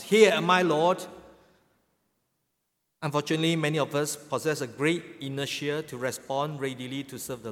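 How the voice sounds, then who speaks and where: Middle-aged pastor preaching in a reverberant hall. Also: male voice, fairly high pitch, fairly bright tone. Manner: rhetorical questions with tag "right?" and chuckles. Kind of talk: sermon.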